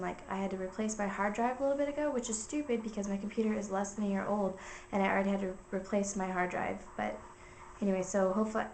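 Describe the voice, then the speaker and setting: Young woman vlogger, rambling and casual, mid pitch, roomy echo. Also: vocal fry, slight background noise. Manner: rambling, filler-heavy storytelling. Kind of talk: casual chat. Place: indoors at home.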